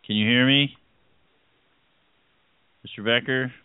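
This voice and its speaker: Slow-talking man hosting over a tinny line. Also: medium pitch, steady tone, smooth, no echo. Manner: easygoing, rambling with many fillers and chuckles. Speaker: host. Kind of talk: casual radio chat.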